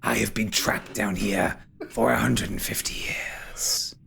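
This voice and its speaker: A man voicing an ancient, vengeful male ghost trapped underground, in a menacing whispered role-play with slow, drawn-out words. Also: on the low side, steady tone, creaky, bright, forceful tone, voice pushed down, heavily acted. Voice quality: hissing whisper.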